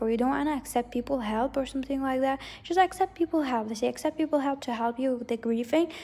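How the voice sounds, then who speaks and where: A woman gives a loose, wandering tarot reading, circling back to repeat her points and hedging as she goes. Her voice sits a little high, with a mellow, dark tone and plenty of vocal fry. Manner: rambling, hedging, repeats herself. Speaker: tarot reader. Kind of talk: casual psychic tarot reading.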